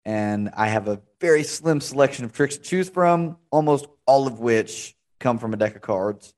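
A man's voice: medium pitch, animated, moderate pace, darkish tone. A young man hosting a podcast interview, chatting casually and rambling through stories. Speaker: podcast host.

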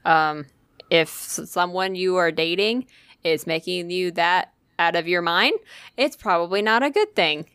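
A woman's voice: on the low side, measured pace, fairly bright tone, smooth, no echo, clean studio sound. A woman co-hosting a podcast, telling a story in casual chat, rambling with lots of "like" and casual swearing. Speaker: podcast co-host.

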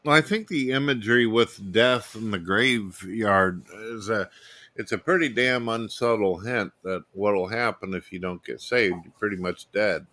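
A man with a low, bright voice talks casually with his guest. He is blunt and plain-spoken, with a forceful tone. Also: unhurried. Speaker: host. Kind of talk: casual chat.

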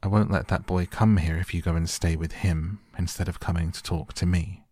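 A man's voice: low voice, fairly even intonation, moderate pace, mellow, no echo, studio quality. A man doing a spoiled, sickly, whining boy. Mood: petulant. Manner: whiny, sneering.

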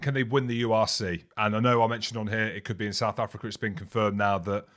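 A young adult man co-hosting a rugby podcast, talking in a rambling, animated way and laughing mid-sentence. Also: lowish voice, fast talker. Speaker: podcast co-host and rugby commentator. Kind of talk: casual sports chat.

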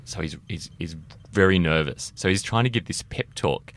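Brief: male podcast host, deep voice, casual and laughing. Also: moderate pace, a bit bright, no echo. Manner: chatty, laughs often, reads tweets aloud. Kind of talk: casual motoring podcast chat.

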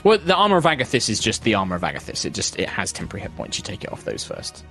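A man's voice: fairly low pitch, huge pitch swings, racing, vocal fry, bright, forceful tone. Guy running a tabletop game, lots of ums, rambly, bit of music in the back. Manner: rambling, full of fillers and restarts. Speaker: game master.

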